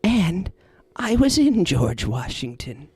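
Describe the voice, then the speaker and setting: A man voicing someone possessed by a sinister ancient entity, talking slowly in a half-whisper. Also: a little high, sing-song, a little mellow, slightly rough, no room sound, full character voice. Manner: slow, creeping, half-whispered menace.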